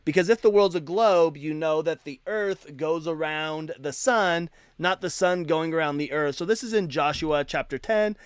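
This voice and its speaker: A man's voice: on the high side, moderate pace, few pauses, clean tone, no room sound, studio quality. A man hosting a live debate stream, talking casually and animatedly, often repeating and restarting words. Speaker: livestream debate host.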